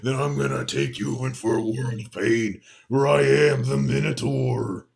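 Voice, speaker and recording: A man voicing a vain, menacing male minotaur with a hoarse, booming voice and theatrical threats. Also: steady tone, a little slow, a crowd in the background.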